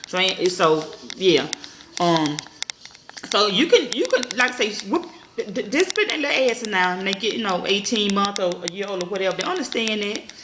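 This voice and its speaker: A mother in her thirties telling a story to her viewers, talking fast and bluntly and swearing freely. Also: medium pitch, animated. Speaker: vlogger, mother. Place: at home. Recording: echoey room, faint noise.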